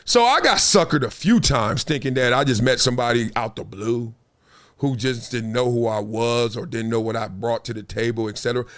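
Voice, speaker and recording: A man's voice: mid-range voice, a little fast. A man in his fifties hosting his own show, telling loose, slang-heavy stories and acting out the people in them. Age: 50s. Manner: animated, street slang, acts out quoted voices. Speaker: show host. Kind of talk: casual storytelling to camera.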